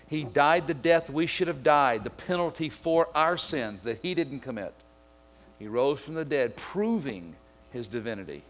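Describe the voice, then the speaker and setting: A man's voice: medium pitch, a little hiss or hum. A middle-aged pastor from Mississippi preaching a sermon, telling a story and driving home his point. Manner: storytelling, builds to excited shouting.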